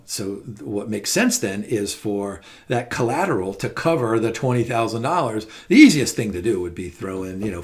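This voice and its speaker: A middle-aged man lecturing on finance in a relaxed, conversational way. He leans on stories and rhetorical questions to carry his points. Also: mid-range voice. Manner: chatty, anecdotal, rhetorical questions. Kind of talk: recorded lecture.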